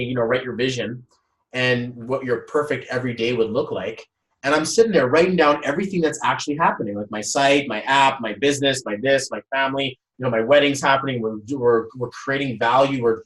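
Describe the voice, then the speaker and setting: A young man hosting a casual motivational live talk, energetic and rambling, often repeating words as he speaks at home. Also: medium pitch. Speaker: host. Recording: roomy echo, voice from a distance.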